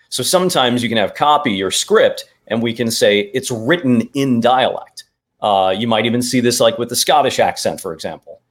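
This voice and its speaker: Man explaining accent coaching methodically. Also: lowish voice. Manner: methodical, explains in steps with examples. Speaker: dialect coach guest. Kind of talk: explanatory interview talk.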